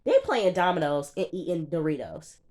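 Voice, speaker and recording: A woman with a low, husky-toned voice walks through a reality episode in a loose, gossipy way. She talks right at her audience and comments on everything. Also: very animated, normal speed, darkish tone. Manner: sassy and chatty, talking straight to the viewer. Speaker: TV reviewer. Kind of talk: casual reality-show recap.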